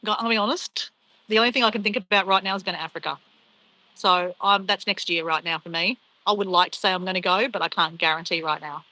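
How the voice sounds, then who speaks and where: A woman's voice: mid-range voice, quick pace, pushed and bright, no room sound, low-quality recording. A young woman chatting casually on a travel live stream, rambling and laughing as she reads viewer comments.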